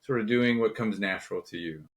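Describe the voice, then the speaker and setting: A man's voice: lowish voice, a little fast. A man hosting a podcast, asking interview questions in a conversational, loosely phrased way. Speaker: podcast host.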